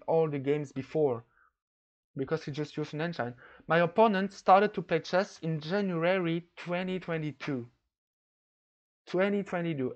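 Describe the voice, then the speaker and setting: A man from France with a French accent, recapping a chess game in an excitable, stop-and-start way. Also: on the high side, highs cut off. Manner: excitable storytelling, many restarts. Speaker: chess vlogger. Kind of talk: casual recap monologue.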